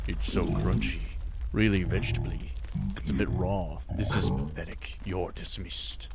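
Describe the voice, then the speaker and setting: A haughty chicken principal from a video game, voiced by a man, dropping his voice low and quiet to hand down curt, disdainful verdicts. The delivery is unhurried and clipped. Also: creaky, over loud music. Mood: stern. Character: stern chicken school principal judging omelets.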